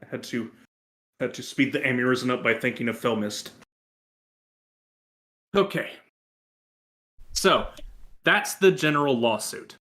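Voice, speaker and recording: A man with a bright, forceful voice co-hosting a gaming podcast. He talks in a wry, joking way and sounds loose and casual. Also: mid-range voice, a little slow, long pauses. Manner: wry, joking, reads quotes aloud. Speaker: podcast co-host. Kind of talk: casual chat.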